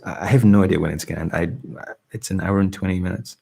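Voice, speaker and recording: A young man with a slight Scottish accent, hosting a relaxed livestream and chatting softly as he reads out and answers viewer comments. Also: sits low, fast, creaky, slightly rough. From Britain. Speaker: ASMR livestream host. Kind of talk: casual soft-spoken live chat.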